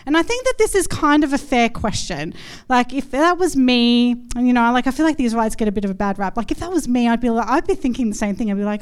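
A woman's voice: fairly high pitch, animated, quick pace, smooth. A woman in her thirties, a pastor giving a chatty, conversational sermon full of everyday stories and fillers. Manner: chatty, storytelling, many fillers.

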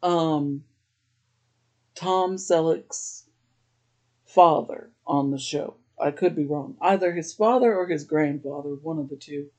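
A man's voice: on the high side, takes it slowly, darkish tone. A man hosting a podcast, casually recapping a TV episode, chatty, often laughing and using "like" a lot. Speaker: podcast host.

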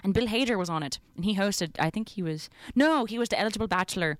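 A woman's voice: medium pitch, animated, fast, no echo, clean studio sound. A woman co-hosting a casual radio show, bubbly and joking, explaining things with enthusiasm. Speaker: college radio co-host. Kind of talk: casual chat.

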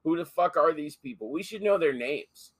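A man's voice: on the high side, animated, normal speed, no echo. A man co-hosting a podcast in casual chat, joking crudely and swearing freely. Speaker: podcast co-host.

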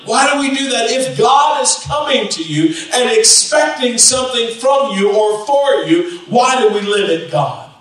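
Animated preacher in an echoey church. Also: male voice, extremely high pitch, moderate pace, few pauses, recorded from a distance. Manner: animated preaching, acting out voices of the disciples. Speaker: pastor. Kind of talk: sermon. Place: church sanctuary. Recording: echoey church hall, off-mic.

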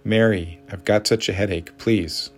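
A man's voice: lowish voice, steady tone, measured pace, faint music behind. A man voicing a tired, irritable husband who answers curtly and snaps. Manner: curt, snappish.

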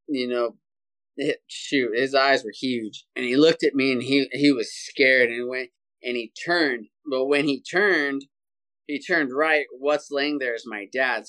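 A man talking as a podcast guest, telling a story in an animated, energetic way and saying "dude" often, over a video call. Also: mid-range voice. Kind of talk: casual storytelling interview.

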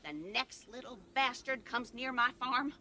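Casting: high, bright, wildly swinging crazed old farm woman, profane and threatening. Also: steady tone, unhurried, heavily acted. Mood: ranting. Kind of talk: film dialogue.

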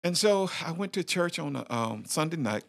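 Gravelly-voiced man telling his story. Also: on the high side, animated, moderate pace, dry recording, studio quality. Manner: candid, preacher-like, lots of fillers and repeats, calls listener "man". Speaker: podcast host. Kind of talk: personal testimony, motivational talk.

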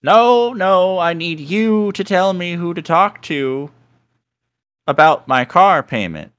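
A man's voice: sits high, expressive, slow pace, fairly bright tone, smooth, voice pushed up, exaggerated voice. A man voicing an insistent, pushy woman who keeps pleading for help with her car payment. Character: frantic middle-aged woman caller, pushy.

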